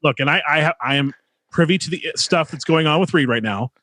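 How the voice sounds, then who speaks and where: A man's voice: fairly high pitch, a little fast, pushed and bright. A man hosting a casual podcast, earnest and emphatic, drawing out his pleas to listeners. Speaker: podcast host.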